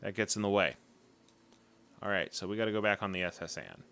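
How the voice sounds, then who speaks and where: Low-voiced man chatting over his game. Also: expressive, fairly quick, vocal fry, pauses often, a bit bright. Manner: chatty, hums to himself while playing. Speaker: streamer playing a game. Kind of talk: casual live-stream chat.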